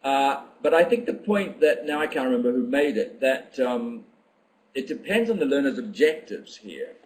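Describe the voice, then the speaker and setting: An older man hosting a live online teacher-training session, musing aloud over comments from viewers. His voice sits at an ordinary pitch, and he talks in a reflective, unhurried way, pausing with ums as he thinks. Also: big pitch swings, rough recording. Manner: thoughtful, reflective, with frequent ums and pauses. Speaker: teacher trainer giving a webinar. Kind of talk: live webinar talk reading out participant comments.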